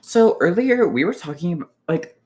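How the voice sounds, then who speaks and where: A man's voice: high voice, measured pace. Young guy on voice chat, chatty retelling, lots of "like", acts out quotes. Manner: animated retelling, full of "like" and quoted dialogue. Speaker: player in an online strategy game. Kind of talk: casual voice chat storytelling. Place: online voice chat.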